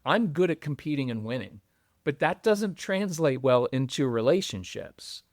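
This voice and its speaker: A middle-aged man guesting on a podcast about parenting, who talks in an animated, conversational way and acts out what other people say. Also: moderate pace, dry recording, clean studio sound. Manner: animated, acts out quoted voices with jumps in pitch. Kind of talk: conversational interview.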